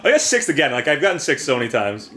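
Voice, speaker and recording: A man's voice: mid-range voice, very animated, fast talker, pushed and bright, faint music behind. A man co-hosting a gaming show, telling rambling stories with lots of laughs in casual banter. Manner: rambling storyteller, laughs often. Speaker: show co-host, gamer. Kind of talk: casual let's-play banter.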